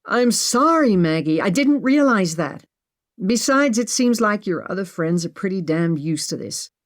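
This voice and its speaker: A woman's voice: medium pitch, lively intonation, measured pace, close to an everyday voice. A woman narrator voicing a defensive, sarcastic young woman who snipes in a raised voice.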